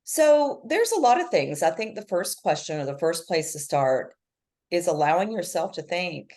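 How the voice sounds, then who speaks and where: A woman's voice: very animated, normal speed, a little mellow. A middle-aged woman talking earnestly as a podcast guest, emphatic and encouraging. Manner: emphatic, earnest, speaks in sweeping swings of pitch. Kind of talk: motivational conversation.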